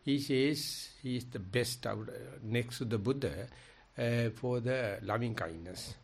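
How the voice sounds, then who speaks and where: A man taking part in a dharma discussion as a meditation teacher, talking in an animated, emphatic, storytelling way with big swings in pitch and loudness. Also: measured pace, breathy edge.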